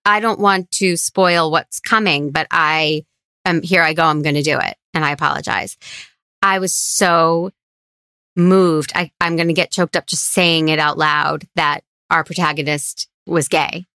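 A woman's voice: low voice, steady tone, normal speed, sharp tone, clean tone, no room sound, studio quality. A woman who is a guest on a podcast, speaking earnestly and from the heart in a casual film discussion.

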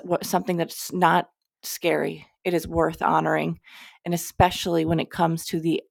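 A woman's voice: fairly low pitch, vocal fry, darkish tone, no room sound, studio quality. A young woman hosting a podcast, giving casual spiritual advice in a candid, chatty way, sometimes swearing and cutting herself off. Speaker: podcast host.

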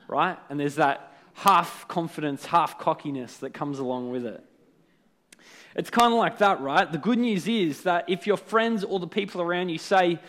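A man's voice: on the high side, moderate pace, a bit bright. A man giving a casual devotional talk as a preacher, conversational and often checking in with tag questions.

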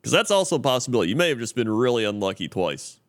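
A man co-hosting a podcast, talking in a relaxed, joking way. His voice sits mid-range but moves around a lot. The sound is close and dry. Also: medium pitch, rapid-fire, no echo. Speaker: podcast co-host. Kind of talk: casual chat.

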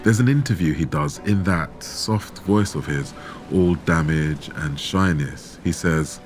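A man telling a true story in measured, dramatic scripted narration, with rhetorical questions. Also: low-pitched. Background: background music.

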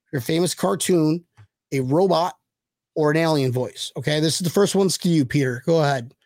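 Crude, joking co-host, man, a bit high-pitched, dry close recording. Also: darkish tone, dry recording. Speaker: podcast co-host. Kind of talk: casual podcast chat.

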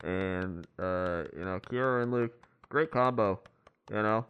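A man playing a jaded helicopter traffic reporter who rambles in a fed-up deadpan. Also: on the low side, measured pace, smooth, highs cut off, natural voice. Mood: griping.

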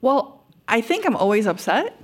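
A woman's voice: on the high side, big pitch swings, moderate pace. A woman in her fifties from Queens by way of Seoul, the guest author in a live stage conversation, speaking candidly and laughing often. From Queens, New York, by way of Seoul. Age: 50s. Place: stage before a live audience.

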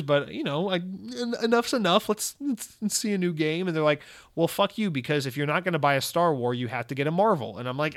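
A man's voice: on the high side, fairly bright tone. A man hosting a gaming news show, ranting in casual talk, swearing often and acting out both sides of imagined exchanges in a close, dry recording. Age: adult. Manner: profane, exasperated, acts out quoted exchanges.

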